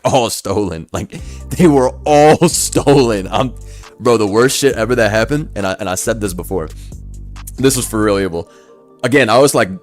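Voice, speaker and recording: A young man telling a story casually, animated and swearing, acting out voices. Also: on the low side.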